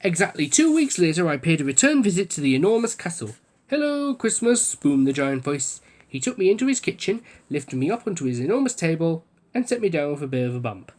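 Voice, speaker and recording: A man reading a children's picture book aloud, telling the story with lively delivery. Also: fast talker. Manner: lively storytelling, raising pitch for quoted speech. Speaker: book reader.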